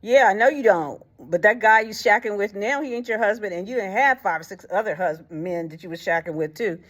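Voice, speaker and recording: A man's voice: sits high, fairly quick, a bit bright. A woman voicing a blunt male prophet, plainspoken and slangy in retold dialogue. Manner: plainspoken, slangy, matter-of-fact.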